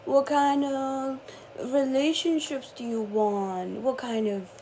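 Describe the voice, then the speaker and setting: Young woman, slightly high voice, casual swearing, soft musing turning to laughing rants, faint hiss. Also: fairly even intonation, slow pace. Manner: swears freely, flips from dreamy murmur to laughing frustration. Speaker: spiritual channeler vlogger. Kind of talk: casual rant to viewers.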